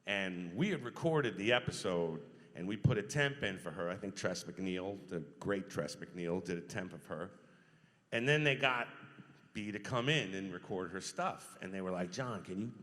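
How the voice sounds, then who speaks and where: A middle-aged man, a voice actor, telling stories at a convention panel Q&A, animated and quick to laugh. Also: low voice. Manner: animated storyteller, acts out quotes, laughs often. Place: large convention hall. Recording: reverberant convention hall.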